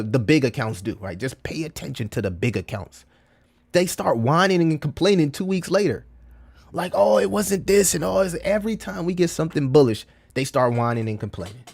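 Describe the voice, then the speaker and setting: A man's voice: on the high side, lively intonation, moderate pace, darkish tone. A man talking casually to his livestream chat, full of slang, repeating himself and calling listeners bro. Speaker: crypto livestreamer.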